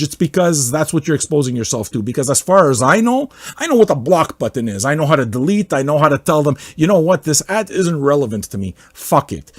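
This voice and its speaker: A man's voice: on the high side, dry recording. Profane ranting male podcast host. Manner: swearing often, mocking, swings between loud outbursts and muttering. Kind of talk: casual profane rant.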